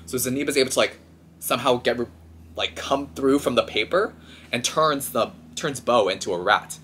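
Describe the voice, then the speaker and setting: A man's voice: medium pitch, normal speed, slight background noise. Chatty man recapping a film. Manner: chatty, filler-heavy, animated. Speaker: vlogger.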